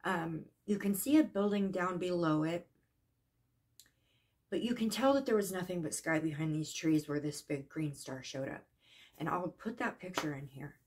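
Earnest, emotional woman, lowish voice. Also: a little mellow. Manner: earnest, emotional, halting with restarts. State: shaken, voice trembling at times. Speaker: psychic vlogger. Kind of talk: casual personal account.

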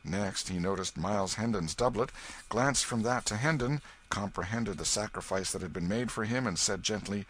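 Bright, husky-voiced male narrator. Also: on the low side, normal speed, low-quality recording. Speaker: audiobook narrator. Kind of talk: scripted narration.

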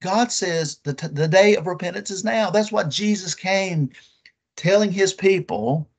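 A man preaching a sermon with emphatic, drawn-out phrases and rhetorical questions to his listeners. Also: high-pitched, breathy edge.

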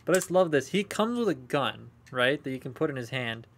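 Young male streamer, loose rambling chat with viewers, mid-pitch voice. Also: lively intonation, fairly quick, fairly bright tone. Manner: rambling and chatty, talking to live chat. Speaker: toy collector streaming a haul unboxing. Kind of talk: casual live unboxing chat.

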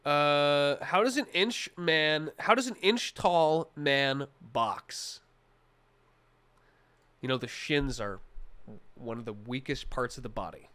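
A man's voice: on the high side, takes it slowly, sharp tone, clean tone. A young man streaming, chatting casually with his live chat in a rambling, jokey way, full of restarts and mock-serious asides.

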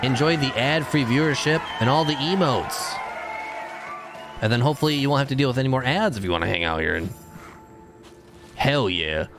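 A man chatting loosely with his livestream audience as he plays, his pitch bouncing around in a lively way. He bursts into loud shouts during fights, and faint game music sits underneath his voice. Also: brisk, pauses often, a crowd in the background. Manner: animated, shouts during fights, chats with viewers. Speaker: streamer. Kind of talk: casual gameplay livestream chat.

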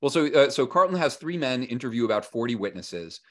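Being interviewed, a historian and author casually acts out historical figures' lines, often using fillers and restarts. His medium-pitched voice swings widely and moves fast.

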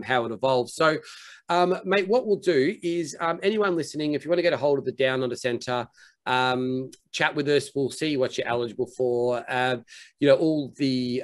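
A man's voice: mid-range voice, no room sound. A man with an Australian accent hosting a casual interview, chatty, calling his guest mate with plenty of ums. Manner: chatty, says mate a lot, many ums. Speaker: host.

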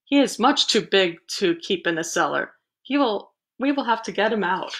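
Woman doing a brisk storybook policeman. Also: medium pitch, animated, fairly bright tone. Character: brisk, dutiful grown man policeman.

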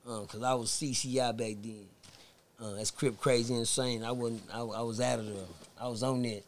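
A man's voice: medium pitch, moderate pace, slight background noise. A man from Texas, a podcast guest telling a story in casual, profane talk, acting out the voices of the people in it. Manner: profane, animated, acts out voices in his stories.

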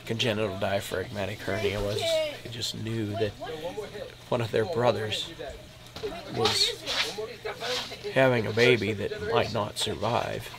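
Gravelly, heartfelt union father. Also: lowish voice, sing-song, over a noisy crowd. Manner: measured, heartfelt. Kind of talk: documentary interview.

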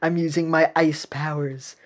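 A woman with a low, level, unhurried voice reads game cutscenes aloud, playing a stern, proud cookie navy captain who issues dry, commanding orders.

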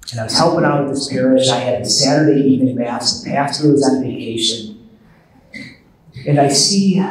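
Priest telling a story in an echoey hall. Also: male voice, medium pitch, far from the mic. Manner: conversational, self-deprecating, with asides. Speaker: priest giving a retreat talk. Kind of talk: storytelling sermon.

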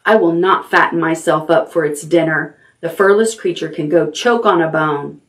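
A woman voicing a young injured great horned owl from a storybook, defiant and squawking, in a low voice. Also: normal speed, natural voice.

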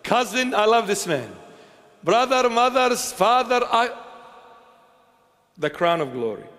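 A man preaching a sermon as a bishop, impassioned and repetitive, swinging from loud declarations to hushed tenderness. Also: very high voice, very animated, takes it slowly, big-room sound. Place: church.

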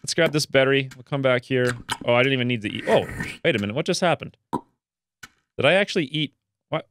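Excitable man narrating his gameplay. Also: a little fast, background noise. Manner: chatty, excitable, jumps to high pitch when delighted. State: stuffy nose. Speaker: let's play gamer. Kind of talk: casual gameplay commentary.

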